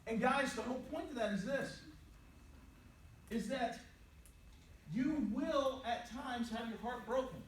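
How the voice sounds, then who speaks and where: A middle-aged man giving a playful, animated inspirational talk to students in a large hall, telling stories and acting out quotes. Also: very high-pitched, unhurried, pauses often, slight background noise. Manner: playful, animated storytelling with jokes and acted-out quotes. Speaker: motivational speaker. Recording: echoey hall, voice from a distance.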